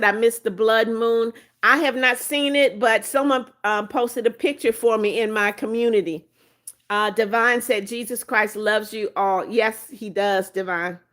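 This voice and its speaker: Woman reading out livestream chat. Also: on the high side. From Florida. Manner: warm, chatty, firm about her rules. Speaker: livestream host. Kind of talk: reading live chat comments aloud.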